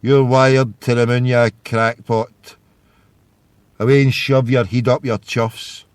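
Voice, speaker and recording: A man's voice: medium pitch, level tone, takes it slowly, clear, resonant tone, dry recording. A Scottish man hosting a live internet radio call-in show, ranting and hurling insults in a rambling way.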